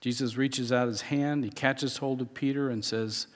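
A man's voice: mid-range voice, fairly even intonation, moderate pace. Man preaching in a reverberant hall. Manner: conversational preaching with frequent restarts and chuckles. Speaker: pastor. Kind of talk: sermon.

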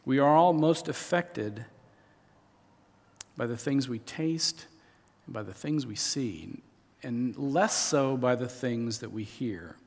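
A man's voice: mid-range voice, lively intonation, slow, long pauses, darkish tone. Man preaching in an echoing hall. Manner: conversational preaching with repeated restarts. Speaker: pastor. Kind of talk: sermon. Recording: long reverb of a large hall.

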